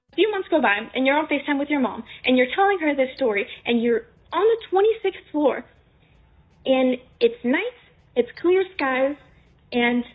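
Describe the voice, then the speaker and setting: A young woman tells a casual story aloud, walking the listener through it in the second person and slipping into quoted dialogue. Her voice sits high. The sound is narrow and tinny, like a phone recording.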